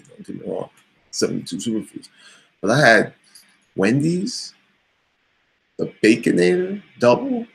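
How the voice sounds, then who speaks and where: A man's voice: on the low side, gravelly, poor audio. A middle-aged man vlogging casually, giving a blunt, profane pep talk. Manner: blunt, swears freely, motivational pep talk. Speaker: vlogger and coach. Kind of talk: casual talking-head vlog.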